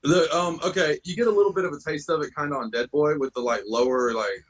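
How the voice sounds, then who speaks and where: A man's voice: on the high side, fast, a bit bright, dull audio, a little hiss or hum. A man, a band vocalist on a podcast, chatting loosely and profanely, calling people bro. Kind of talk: casual podcast chat.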